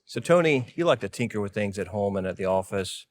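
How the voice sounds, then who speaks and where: A man's voice: on the low side, animated, a little fast. A middle-aged man with a Southern US accent, an executive chatting casually on camera in a plainspoken, easygoing way. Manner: easygoing, plainspoken, rambles a little. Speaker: company executive.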